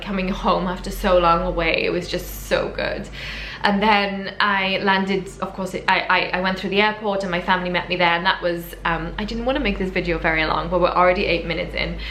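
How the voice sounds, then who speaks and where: A woman's voice: lowish voice, pushed and bright. Chatty British woman vlogger. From United Kingdom. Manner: chatty, emotional, self-correcting. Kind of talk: casual storytelling to camera. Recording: echoey room with faint background noise.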